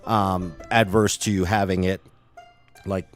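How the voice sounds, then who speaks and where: A man co-hosting a casual chat, relaxed and rambling, laughing easily as he explains things. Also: low voice, slow, faint music behind. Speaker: podcast co-host.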